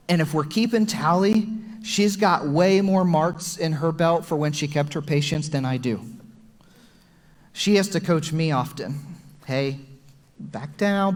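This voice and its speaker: A young adult man preaching a sermon as pastor, earnest and personal, at times getting emotional. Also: fairly high pitch. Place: large church hall. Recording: long hall reverb from church PA.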